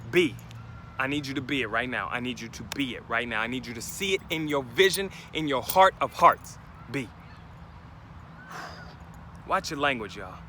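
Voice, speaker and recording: A man's voice: mid-range voice, sharp tone, a little hiss or hum. A man giving an emphatic motivational talk outdoors, speaking straight to his listeners. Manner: emphatic, preachy, addresses listeners directly.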